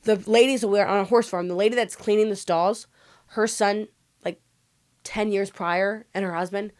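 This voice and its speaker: A woman guest on a podcast, telling her story candidly in an emotional, rapid way, full of "like" fillers and swearing. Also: medium pitch, fairly even intonation, darkish tone.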